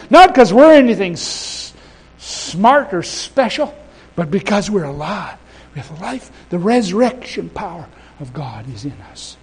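A man with a high, light voice preaching a sermon. He is emphatic and repeats phrases for weight. He swings from loud passages to soft ones and drops into chatty asides to the congregation. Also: sing-song, a little slow, breathy edge, poor audio.

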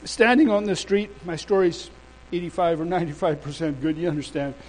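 A male preacher delivering a sermon and telling a story in an animated, emphatic way. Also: fairly high pitch, fairly quick, slight background noise, rough recording.

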